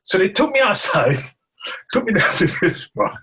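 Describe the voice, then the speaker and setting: A man, a firefighter guest, telling a story in an animated way, laughing often and acting out what others said. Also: high-pitched, moderate pace, slightly rough. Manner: laughs often, acts out quotes, stammers.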